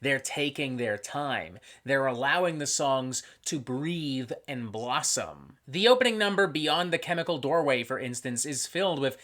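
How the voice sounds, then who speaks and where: A male host reviewing a metal album in an animated monologue that is half script and half rant. His voice is bright and cutting. Profanity and sarcastic asides keep breaking into his otherwise structured delivery. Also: mid-range voice, unhurried, hardly any pauses.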